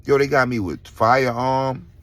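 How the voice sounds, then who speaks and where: A middle-aged man, telling his own story in a casual vlog, animated and swearing, acting out other people's voices. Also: mid-range voice, measured pace, dry recording. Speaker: vlogger.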